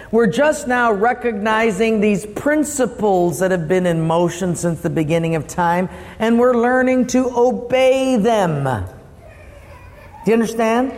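A man preaching a sermon as pastor, lively and asking the congregation questions. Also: high-pitched, big-room sound.

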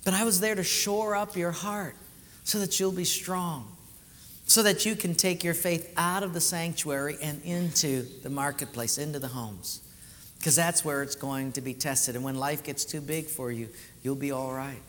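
A male pastor with a bright, forceful, slightly high voice, preaching and acting out the voices in his stories. His sermon rings through a large hall with a long reverb tail. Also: normal speed, slight background noise. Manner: animated storytelling, acts out quoted voices.

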